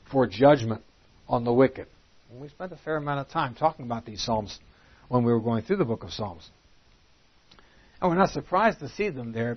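A man with a medium-pitched, slightly breathy voice teaches a Bible study class. He reads scripture aloud in King James wording and then explains it, becoming emphatic and rising in pitch on the quoted verses. The classroom recording is dull and lo-fi.

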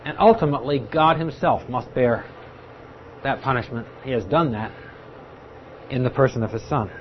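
A man teaches a Bible study, explaining things patiently and occasionally acting out the people he quotes. His voice is medium-pitched at a moderate pace, captured in a dull lo-fi recording with faint ambience and a little hiss or hum.

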